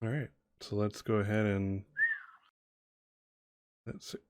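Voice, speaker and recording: Rambling game master, low dry voice. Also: male voice, steady tone, slow pace, darkish tone, clean tone, no room sound. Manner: rambling, many fillers and restarts. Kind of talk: narrating a tabletop game.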